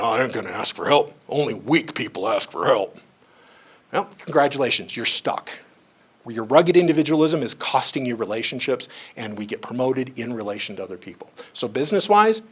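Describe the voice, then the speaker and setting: A man giving a staff training on psychology, talking conversationally and acting out the people in his stories. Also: fairly high pitch. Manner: conversational, acts out quoted voices in stories; frequent asides like "you know" and "right". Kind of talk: training lecture with anecdotes.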